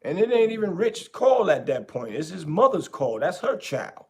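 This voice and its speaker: A podcast host talking in a casual, animated way, repeating his points for emphasis. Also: high-pitched, moderate pace. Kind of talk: casual commentary.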